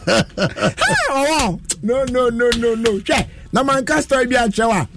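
A man's voice: extremely high pitch, big pitch swings, measured pace, fairly bright tone, soft background music. A man, telling a long story in a casual chat and laughing often as he goes.

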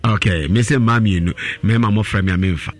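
A man with a lowish voice hosts a morning call-in radio show. He briskly reads out numbers and blesses his callers between calls. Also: faint music behind. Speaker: radio host taking callers.

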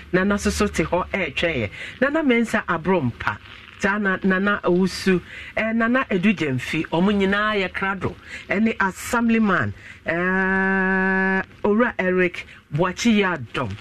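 A man's voice: high voice, fairly bright tone. A man hosting a call-in radio show, making announcements and asking a caller questions. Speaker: radio host.

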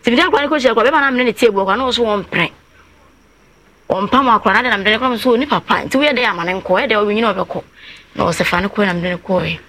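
A woman, a guest on a talk show, tells a long family story, her voice set at a middling pitch. She winds through the events, now and then slipping into the voices of the people she quotes. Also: racing, fairly bright tone. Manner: long, winding telling that acts out others' words in quotes. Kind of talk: personal account on a talk show.

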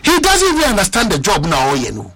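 A man hosting a casual radio chat, animated and mixing languages as he talks. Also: fast, gravelly, dry recording. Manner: animated, switching between languages, breaks into high laughing cries.

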